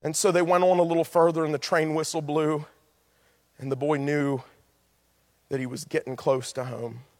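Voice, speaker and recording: A male pastor preaching an impassioned sermon in a church sanctuary, building to loud appeals. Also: a little high, little pitch movement, moderate pace, pauses often. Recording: long hall reverb, faint music.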